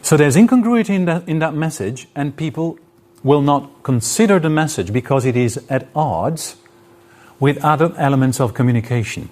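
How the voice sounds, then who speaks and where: A man's voice: on the high side, lively intonation, moderate pace, a little mellow. A man lecturing to an audience in a hall, explaining his points with spoken examples and shifts in intonation. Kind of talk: live lecture.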